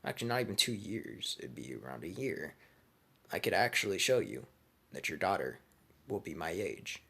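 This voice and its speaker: A young man rambling through a made-up fan story in crude, slangy bro talk. His voice is fairly low but swings up and down a lot. He keeps it loose and unscripted, full of swearing and asides. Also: very animated, normal speed, gravelly, sharp tone, breathy edge. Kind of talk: casual fan-fiction storytelling.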